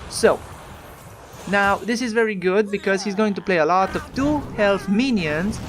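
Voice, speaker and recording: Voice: mid-range voice, moderate pace, over music. A speaker with an Italian accent giving casual commentary on a card game match. They chat along and put rhetorical questions to the opponent. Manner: chatty, talks back to the opponent with rhetorical questions.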